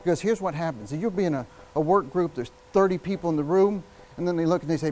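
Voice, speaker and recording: A man giving a live public speaking workshop, energetic and emphatic, shifting his speed and volume and using long pauses. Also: on the high side, rough recording. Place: workshop room with an audience.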